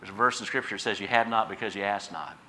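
Guy preaching a sermon, bright forceful voice, gets loud then drops quiet, bit of faint noise. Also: fairly low pitch, fast. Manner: preaching with rising emphatic bursts and quiet asides. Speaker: pastor.

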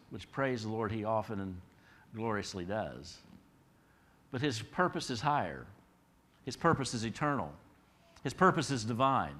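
A middle-aged man preaching an expository sermon as a pastor. He talks to the listeners in a conversational way, asks them rhetorical questions, and swings between emphatic rises and quiet drops. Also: lowish voice, sing-song, normal speed, pauses often.

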